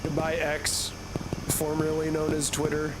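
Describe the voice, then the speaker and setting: A man's voice: on the high side, completely flat delivery, a little slow, heavy background noise. A young man streaming a game, rambling and joking with casual swearing. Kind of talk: casual gaming commentary.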